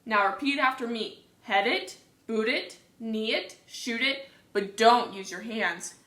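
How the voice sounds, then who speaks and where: A woman voicing a frog father who is coaching his son, with a steady, instructive manner, in an echoey room. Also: on the high side, unhurried.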